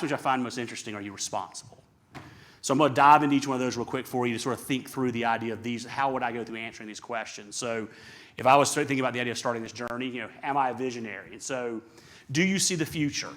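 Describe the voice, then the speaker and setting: A middle-aged man speaking at a seminar, brisk and emphatic, firing off rhetorical questions to the audience. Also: medium pitch, fairly bright tone. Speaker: conference speaker. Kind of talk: live seminar talk.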